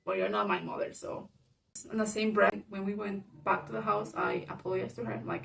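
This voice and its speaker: A woman's voice: mid-range voice, very animated, brisk, gravelly, fairly bright tone, recorded from a distance, slight background noise, low-quality recording. A woman talking casually to her camera at home at night, rambling and full of fillers. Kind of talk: casual vlog monologue.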